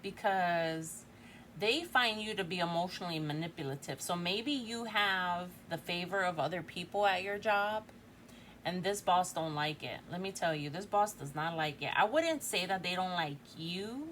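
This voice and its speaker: A woman's voice: lowish voice, animated, moderate pace, fairly bright tone, slight background noise. A woman in her forties giving a casual tarot reading, chatty and thinking aloud, often tagging lines with "right?". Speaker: tarot reader.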